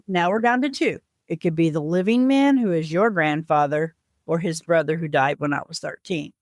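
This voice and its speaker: A woman guest on a podcast, earnestly retelling a personal family story and voicing the people in it with lively shifts. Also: sits low, moderate pace, dry recording, studio quality. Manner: earnest, animated retelling with lively voiced quotes.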